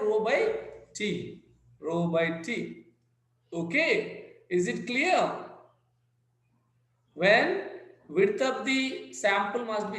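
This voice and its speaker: High-voiced Indian teacher on a video call. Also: male voice, a bit bright, reverberant, rough recording. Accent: Indian English, Telugu speaker. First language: Telugu. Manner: repetitive, addresses students directly. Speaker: physics lecturer. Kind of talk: online class lecture.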